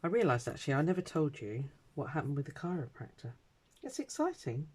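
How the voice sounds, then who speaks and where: Vlogging from her craft desk at home, a middle-aged British woman chats casually and rambles, using plenty of ums and uhs. Her low voice is darkish and slightly rough, swings widely in pitch, and moves a little fast.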